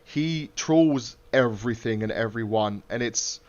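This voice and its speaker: A man's voice: medium pitch, measured pace, darkish tone. A man hosting a podcast in casual chat; he swears freely and acts out quotes. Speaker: podcast host. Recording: muffled lo-fi podcast audio.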